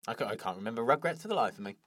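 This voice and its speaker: A man's voice: mid-range voice, lively intonation, racing, a bit bright, a little hiss or hum. A man making short, dry wisecracks in a casual cartoon chat. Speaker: podcast co-host.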